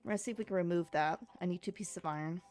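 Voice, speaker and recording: A woman's voice: on the low side, rapid-fire, a little mellow. A woman streaming a game in a casual, rambling way, sounding sleepy after just waking up and chatting with her viewers.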